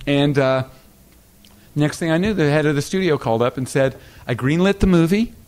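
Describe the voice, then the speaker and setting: A middle-aged man giving a lecture, telling stories with lots of stammers and repeated words, and acting out other people's lines in a higher voice. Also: normal speed. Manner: animated anecdotes, acting out other people's lines with a raised pitch. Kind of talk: storytelling lecture. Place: lecture hall.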